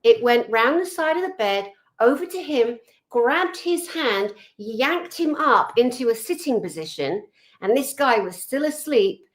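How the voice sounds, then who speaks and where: A woman tells a story as a guest on a video call. Her voice sits fairly high. She talks in a loose, animated way, full of fillers and asides. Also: a little slow. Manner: animated, chatty, with frequent fillers.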